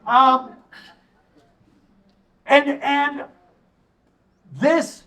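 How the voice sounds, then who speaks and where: A middle-aged man speaks from a stage in a lively, story-driven way, tossing in jokey asides. His voice sits fairly high for a man. The mic is some distance from him. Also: very slow. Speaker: tourism consultant giving a community assessment. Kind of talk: public presentation to a town audience. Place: stage in a hall.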